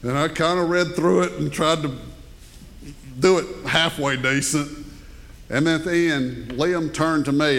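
Older pastor in a reverberant church. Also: male voice, on the high side, unhurried. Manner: folksy, animated, jokes with the congregation. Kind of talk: sermon. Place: church sanctuary. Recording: long hall reverb.

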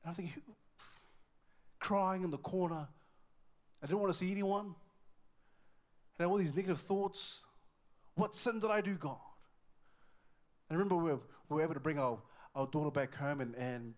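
Middle-aged male preacher from new zealand, fairly high voice, swings loud then hushed, preaching hard. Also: fairly quick, pauses often. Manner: passionate preaching, swings from loud sung exclamations to quiet intimate asides. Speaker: pastor. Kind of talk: sermon.

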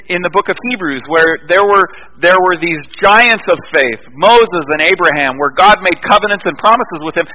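A male pastor preaching a conversational sermon, animated and fond of rhetorical questions. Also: high voice, big-room sound, poor audio.

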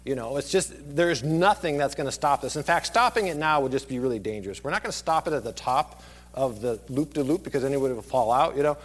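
Lively, conversational male preacher. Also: fairly high pitch, fast talker. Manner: conversational, digressive, animated with sudden drops to quiet. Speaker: pastor. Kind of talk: sermon.

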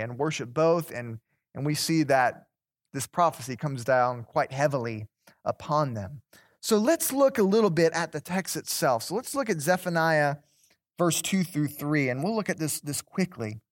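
A man leads a Bible class in a relaxed, conversational way, his voice sitting a little high. He stumbles over repeated words and keeps turning questions back to the listeners. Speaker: Bible study teacher. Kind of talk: interactive Bible class teaching.

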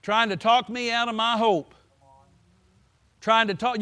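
A man's voice: extremely high pitch, fairly even intonation, measured pace, pauses often, sharp tone, clean tone. A man preaching a sermon in a folksy way, stretching words for emphasis and breaking in with "hallelujah.". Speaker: pastor.

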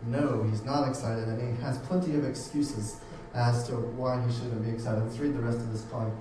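A man's voice: mid-range voice, fairly even intonation, moderate pace. A man preaching a casual sermon who often repeats words and restarts his sentences. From United States. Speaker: pastor. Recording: very echoey room, voice from a distance, faint hum.

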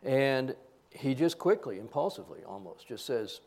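A man's voice: mid-range voice, lively intonation, moderate pace, a little mellow. An older man preaching a sermon, asking rhetorical questions and telling self-deprecating stories with humor. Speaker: pastor.

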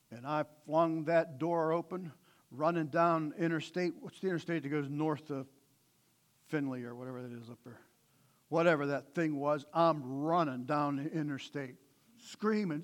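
Middle-aged male pastor, high and bright, fiery sermon with soft storytelling stretches. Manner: swings from loud preaching to quiet storytelling.

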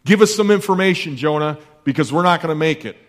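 A man's voice: fairly high pitch, fast talker, natural voice. A man voicing a crew of panicked sailors who fire urgent, accusing questions. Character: panicked sailors, adult men, demanding answers.

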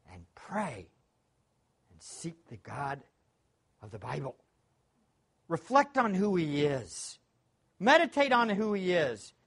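A man preaches with great emphasis. His pitch rises and falls in lively swings, from near-whispered asides to ringing exclamations. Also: husky. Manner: emphatic, swings from hushed to shouting. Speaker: pastor. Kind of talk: sermon.

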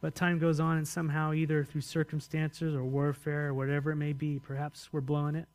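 Conversational male pastor, slightly high voice. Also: completely flat delivery, fairly quick, darkish tone. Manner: conversational, asks the congregation questions. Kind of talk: sermon.

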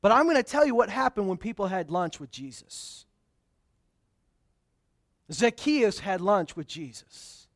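High-voiced man preaching a lively sermon. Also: a little slow, pauses often. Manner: conversational storytelling that builds to emphatic declarations. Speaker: pastor.

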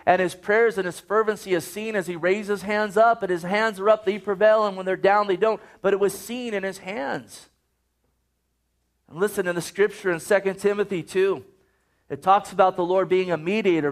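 A man preaching a sermon, earnest and urging, often quoting scripture. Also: sits high.

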